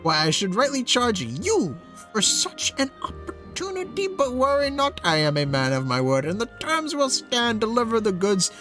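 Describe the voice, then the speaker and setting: A man voicing a smug, scheming male merchant in a video game, talking theatrically with sweeping swings in pitch. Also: very animated, moderate pace, pushed and bright, faint music behind, exaggerated voice.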